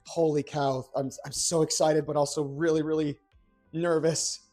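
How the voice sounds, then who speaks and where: A young man chats his way through a cooking stream, his voice sitting a bit on the high side. He rambles, restarts and breaks into playful exclamations when he gets excited. Faint music plays quietly behind him. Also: normal speed. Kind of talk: casual cooking livestream chat. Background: faint background music.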